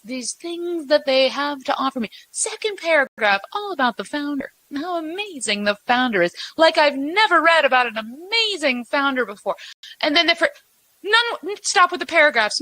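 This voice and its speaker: Brief: high, bright-voiced woman leading a workshop, blunt and animated, punchy delivery. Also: poor audio. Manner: emphatic, blunt and animated, with mock quotes. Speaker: workshop speaker. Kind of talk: lively workshop talk to a live audience.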